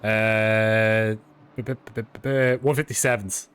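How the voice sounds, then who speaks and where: A man's voice: medium pitch, expressive, normal speed, a bit bright. A man co-commentating a sim race in a casual, bantering style, laughing easily.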